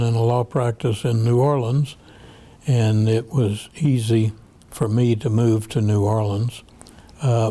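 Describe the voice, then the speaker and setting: Older male judge for an oral history, unhurried and pausing often, dark mellow tone. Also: mid-range voice. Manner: measured, halting storytelling with frequent pauses. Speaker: federal appeals judge.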